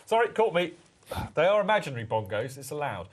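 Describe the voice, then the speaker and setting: A man's voice: fairly high pitch, very animated, quick pace, very noisy. A man hosting a casual podcast, jokey, rambling and teasing. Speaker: podcast host.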